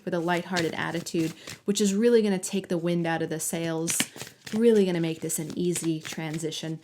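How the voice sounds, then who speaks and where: A woman giving a collective tarot reading, talking softly and affectionately to the viewer and sometimes dropping to a whisper. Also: fairly low pitch. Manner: soft, affectionate, talks directly to the viewer. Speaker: tarot reader.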